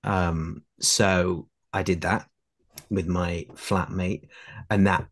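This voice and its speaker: Deep-voiced young man telling stories. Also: little pitch movement, slow pace. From England, Derbyshire. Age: late 20s. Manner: self-deprecating, rambling anecdotes with fillers. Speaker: guest actor. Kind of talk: podcast interview storytelling.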